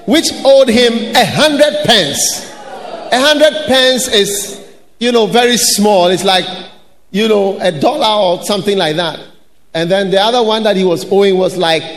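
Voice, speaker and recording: High-voiced man preaching in a hall. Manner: shouted, sing-song preaching with laughter and mimicry. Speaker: pastor. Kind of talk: sermon. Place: large church hall. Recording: hall reverb with faint noise.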